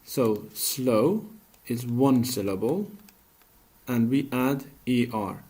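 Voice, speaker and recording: Male teacher, patient classroom voice, unhurried, asks and answers his own questions. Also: medium pitch, dark tone. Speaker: English teacher. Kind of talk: classroom grammar lesson.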